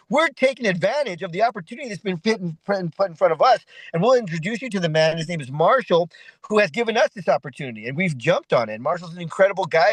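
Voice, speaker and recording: A man's voice: sits high, dry recording, poor audio. A middle-aged man giving a motivational talk as an event host, preachy and repetitive, often adding "right?". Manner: repetitive, preachy, full of 'right?' asides.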